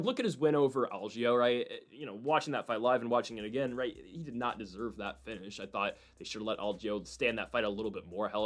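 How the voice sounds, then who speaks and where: A man's voice: mid-range voice, a bit bright. A man hosting casual MMA fight predictions, rambling and correcting himself with incredulous asides. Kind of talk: casual sports commentary.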